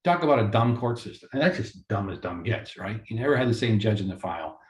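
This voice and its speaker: A man who works as a mediator gives a lecture-style talk for course credit, animated and ranting, with many rhetorical questions. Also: lowish voice, fast. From Florida. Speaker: mediator and lawyer. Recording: roomy echo.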